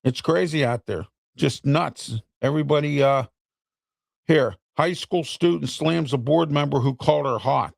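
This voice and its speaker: A middle-aged man hosts an opinion show, ranting bluntly and in exasperation directly at his viewers. His voice is fairly high and a little slow, with vocal fry, captured in studio quality with no echo.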